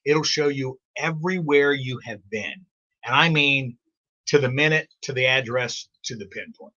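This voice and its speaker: A man's voice: medium pitch, moderate pace, sharp tone. A middle-aged man hosting a radio morning show, telling rambling stories in casual on-air banter and chuckling often. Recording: muffled lo-fi live stream audio.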